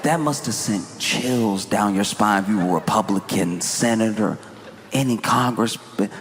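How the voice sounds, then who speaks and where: A man doing a stand-up comedy set, animated, acting out quotes and shouting punchlines. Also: lowish voice, normal speed. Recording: echoey hall with room noise.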